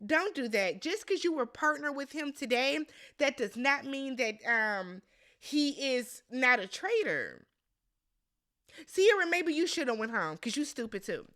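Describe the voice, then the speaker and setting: A woman giving a casual, blunt recap of a reality competition show, swearing freely and acting out quotes with big jumps in pitch. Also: very animated, a little slow, fairly bright tone.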